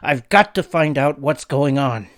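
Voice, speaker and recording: A man's voice: a little high, expressive, a little slow, a bit bright. Man doing a cocky teen boy, Chuck. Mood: brash. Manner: brash, mocking. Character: cocky teenage boy prankster.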